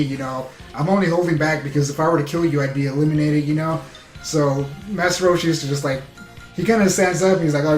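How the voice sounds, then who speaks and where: A man giving a casual, excited episode recap as a reviewer, rambling with lots of fillers. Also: a little high, reverberant. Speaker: anime reviewer.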